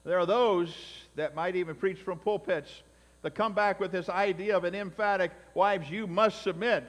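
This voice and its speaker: A man's voice: high-pitched, steady tone, moderate pace. Preaching man in a reverberant church. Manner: emphatic preaching with swells and drops in loudness. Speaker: pastor. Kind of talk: sermon. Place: church sanctuary. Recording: long reverb in a hall.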